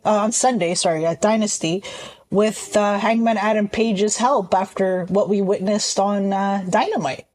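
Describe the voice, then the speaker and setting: A woman co-hosting a podcast, chatting casually and pausing on fillers as she gives her picks. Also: medium pitch, a little mellow. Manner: thoughtful, hesitant with fillers. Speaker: podcast co-host. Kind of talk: casual chat.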